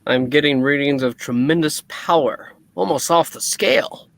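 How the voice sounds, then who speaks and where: A man's voice: on the high side, moderate pace, creaky, no echo. A man co-hosting a live comic reading, reading dialogue earnestly with playful asides. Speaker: comic book reader, co-host.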